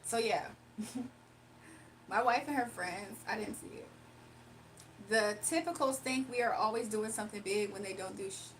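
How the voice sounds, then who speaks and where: A woman's voice: on the high side, slight background noise. A young woman livestreamer chatting casually and reading her chat aloud, sarcastic and playful, laughing often.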